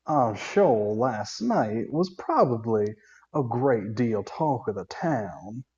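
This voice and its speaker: A man voicing a smooth-talking haggler in a put-on folksy voice, on a dull lo-fi mic. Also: mid-range voice, sing-song, takes it slowly, a little mellow. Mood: haggling.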